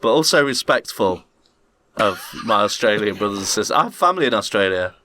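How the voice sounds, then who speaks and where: A man's voice: lowish voice, sing-song, fairly quick, bright, forceful tone, a little hiss or hum. A middle-aged man, co-hosting a casual podcast and running a quiz, joking and swearing freely. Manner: jokey, playful, swears freely. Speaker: podcast co-host and quiz master. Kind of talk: casual banter. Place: garage.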